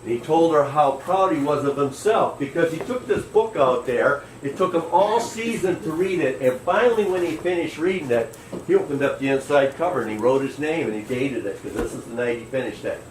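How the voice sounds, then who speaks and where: A man's voice: a little high, brisk, a little hiss or hum. Man, tour guide, folksy yarn-spinner, distant roomy recording with faint background ambience. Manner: folksy, animated storyteller. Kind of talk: storytelling to a crowd.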